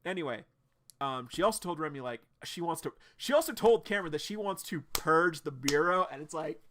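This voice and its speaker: A man live-streaming his reaction to a webcomic, recapping it casually with lots of fillers and sudden excited outbursts. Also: on the high side, fairly quick.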